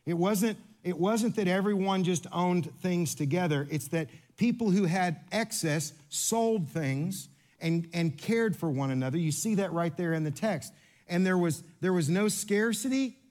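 A pastor, a man whose voice sits notably high, preaches with lively, playful energy. He jokes, repeats himself to make a point, and speaks straight to the congregation. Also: unhurried. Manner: animated, playful, coaching volunteers on stage. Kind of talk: sermon.

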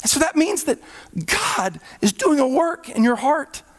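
A male pastor preaching a sermon, with sudden swells in volume and hushed, slowed drops. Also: very high-pitched, very animated. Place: church hall. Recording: reverberant hall.

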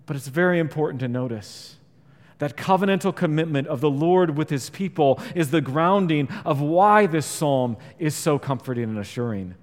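A man preaching a sermon in a church sanctuary, his slightly high voice ringing through a long hall reverb. He talks earnestly, builds louder on key points and sinks quiet when he quotes scripture. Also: animated, normal speed. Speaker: pastor.

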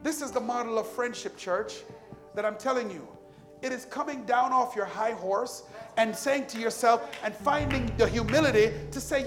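A man's voice: extremely high pitch, faint music behind. A man preaching a sermon as pastor, building to emphatic climaxes and stretching out key words. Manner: preaching with rising, emphatic climaxes and drawn-out stresses.

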